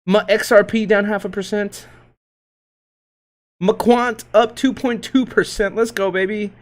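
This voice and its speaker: A man with a slightly higher-than-average voice runs a casual livestream, rattling off market figures. He's loose and slangy, swearing freely and breaking into hype shouts as he reads the tickers. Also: fairly even intonation, slow pace. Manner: loose, joking, profane, slangy; hype shouts and laughs while reading tickers. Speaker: crypto livestream host.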